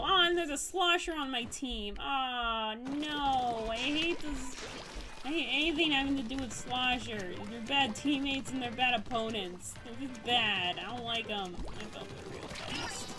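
A woman's voice: high voice, expressive, unhurried, rough recording. A woman giving reactive gameplay commentary, often exclaiming and laughing at the game. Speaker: gamer. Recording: game music behind the voice.

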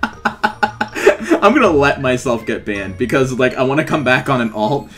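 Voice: medium pitch, sing-song, a little slow. A gamer giving playful commentary while trolling in an online game, often laughing and acting mock-clueless. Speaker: YouTuber playing a Roblox trolling skit. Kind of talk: gameplay commentary with in-character trolling. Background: faint background music.

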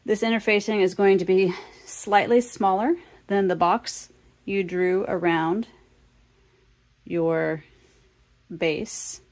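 A woman's voice: mid-range voice, steady tone, slow, pauses often, a little mellow. A woman teaching a sewing tutorial, casually talking the viewer through each step. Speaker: sewing instructor.

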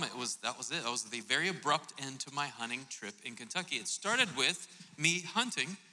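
A male pastor from Florida telling a lively, joking story during a sermon. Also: fairly high pitch. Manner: animated storytelling, jokey asides. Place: church auditorium. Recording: reverberant church hall.

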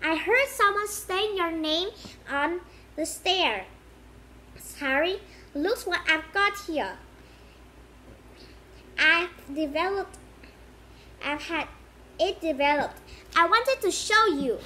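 An excited, chatty young boy who pours out one question after another, read by a woman. His voice sits high and sounds bright. It is a storybook part. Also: takes it slowly, pauses often, a little hiss or hum, full character voice. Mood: eager.

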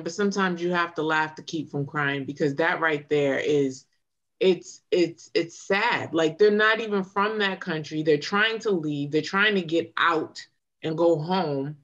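A woman co-hosting a podcast discussion, animated and indignant, acting out the exchanges she retells. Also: lowish voice, a little slow, dull audio. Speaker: podcast co-host. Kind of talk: casual discussion.

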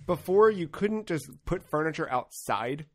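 A young man co-hosting a casual gaming podcast, an excitable storyteller who swears freely. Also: fairly high pitch, normal speed. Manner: excitable storyteller, swears freely, acts out his own shouting. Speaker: podcast co-host.

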